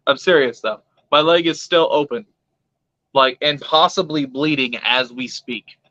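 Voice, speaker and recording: Bright-voiced profane young man storytelling. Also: fairly high pitch, slow, pauses often, dry recording. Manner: profane, laughing, animated retelling with quoted voices. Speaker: pet vlogger. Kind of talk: casual storytelling. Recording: dull lo-fi sound.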